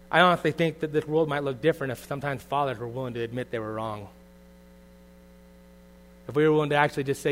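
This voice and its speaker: A middle-aged man preaching a sermon as pastor, earnest and confessional, moving from quiet reflection to loud bursts. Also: mid-range voice, quick pace, pauses often, a little hiss or hum.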